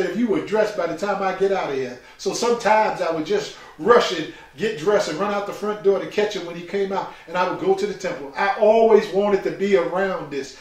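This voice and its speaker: An older man gives a preaching personal testimony, emphatic and repetitive, calling listeners brothers and sisters. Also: high-pitched. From New York. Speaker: speaker telling his life story. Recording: very echoey room, far from the mic.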